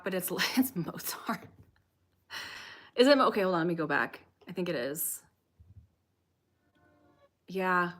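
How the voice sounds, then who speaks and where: A woman's voice: fairly low pitch, animated, unhurried, pauses often, fairly bright tone. A woman chatting casually on a live stream, rambling and laughing often as she talks.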